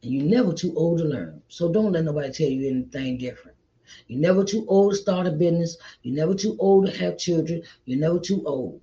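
An earnest man, an author encouraging his viewers, delivers a preachy, repetitive pep talk and calls the listener child and honey. His voice is a little high, expressive, and dark in tone, and he speaks fairly quickly on a dull lo-fi recording.

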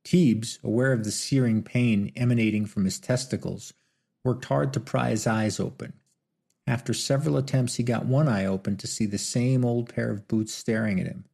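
A man narrating a western audiobook in a steady storytelling manner. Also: mid-range voice, moderate pace, vocal fry, breathy edge.

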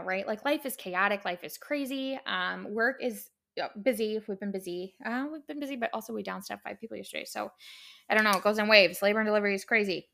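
A woman's voice: mid-range voice, gravelly, bright, forceful tone. A young woman hosting her own podcast, talking casually and heartfelt, rambling with many fillers and restarts. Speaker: podcast host. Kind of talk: casual solo podcast talk.

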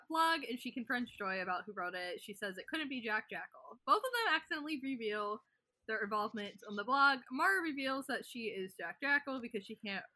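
Bright-voiced woman recapping a show. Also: a little high, dry recording. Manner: brisk plot summary, laughs often. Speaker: podcast host recapping episodes. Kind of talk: casual recap and chat.

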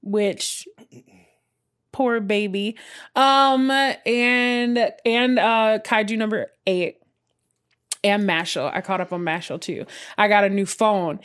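Woman, casual chat, swearing, animated, quick asides. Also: medium pitch, clean tone.

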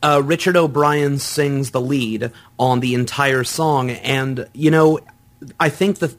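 A man in casual conversation, thoughtfully explaining film history and rumors. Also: mid-range voice.

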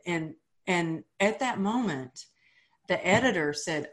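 A woman from Texas in her thirties speaks in a somewhat low voice. She tells her story earnestly and acts out the lines of other people with animation. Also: unhurried. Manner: earnest, animated retelling of dialogue. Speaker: guest, author. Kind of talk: conversational interview storytelling.

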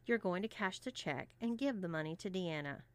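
A woman's voice: fairly low pitch, expressive, normal speed, no echo, close to an everyday voice. A woman voicing a confident young woman who teases and gives instructions in a playful, bossy way. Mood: teasing.

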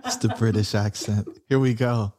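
A man's voice: lowish voice, fairly even intonation, moderate pace, mellow. A man interviewing a guest in casual chat, asking questions with playful, teasing asides.

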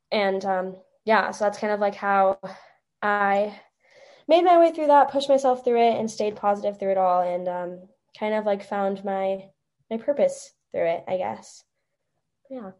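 A young woman, a podcast guest, telling an emotional personal story in a halting, tearful way with many fillers. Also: medium pitch, darkish tone.

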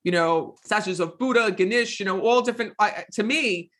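A man being interviewed as a psychic medium, telling stories in a casual, animated way and often repeating "next thing you know.". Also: high-pitched, fairly quick.

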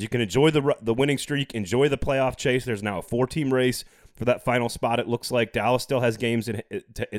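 A man hosting a sports podcast in casual chat, chatty and quick to laugh, steering the talk back on track. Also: medium pitch, no echo, clean studio sound.

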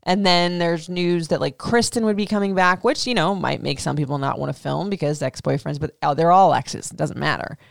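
A woman podcast host giving a casual, animated recap rant about a reality show. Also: deep voice, fairly quick, gravelly, few pauses, no room sound, studio quality. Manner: animated, indignant, swearing.

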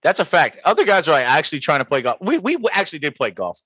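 A young man hosts a casual podcast chat over drinks, rambling through stories and laughing often. His voice is bright and forward, and the sound is dry and close with no room echo. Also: fairly high pitch, huge pitch swings, very fast. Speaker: podcast host.

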